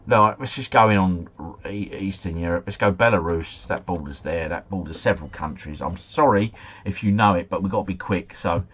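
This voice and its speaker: A man's voice: sits low, brisk, a bit bright, breathy edge. A man streaming live, chatting casually and muttering asides as he plays a geography guessing game. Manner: chatty, mutters asides, mild swearing, easily flustered.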